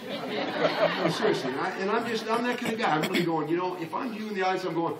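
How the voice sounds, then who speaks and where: A man in his sixties giving a motivational business talk to a large room, impassioned and building to loud emphatic peaks. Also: sits high, fast, a crowd in the background. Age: 60s. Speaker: motivational speaker. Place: large conference room with an audience. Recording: roomy, distant live-hall recording.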